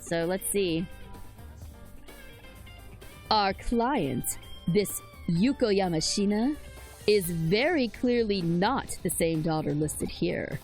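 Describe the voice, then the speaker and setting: A woman voicing a composed investigator who speaks in a formal, measured way. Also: medium pitch, pitched below the performer's own voice.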